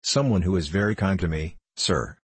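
A man reading the lines of a timid little girl lost at night, in a low, husky, plain voice. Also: normal speed. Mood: timid earnest. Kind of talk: audiobook reading.

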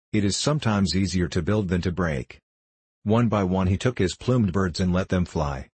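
A man reading a fable aloud as narrator with a measured delivery. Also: deep voice, a little mellow, husky, no room sound. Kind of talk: storybook reading.

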